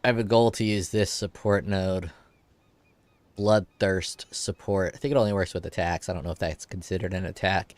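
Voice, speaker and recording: With a low voice and fairly even intonation, a man in his forties chats while streaming a game at a moderate pace. He sounds nasal from congestion, comes across as youthful and edgy, and swears casually, and there's no room sound.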